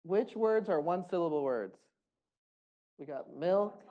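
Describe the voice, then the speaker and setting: A man's voice: sits high, expressive, measured pace, dull audio. A man leading a group music workshop, giving encouraging, upbeat instructions.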